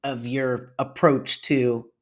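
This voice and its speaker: A male interviewer who asks his questions haltingly, stopping and restarting partway through. His pitch sits in the middle range for a man. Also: flat delivery. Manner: halting, restarts mid-phrase. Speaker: interview host.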